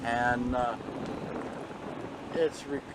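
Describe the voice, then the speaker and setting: A man's voice: medium pitch, fairly even intonation, extremely slow. Hesitant man talking over noise. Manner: hesitant, many fillers. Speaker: traveller on a distillery trip. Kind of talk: casual chat.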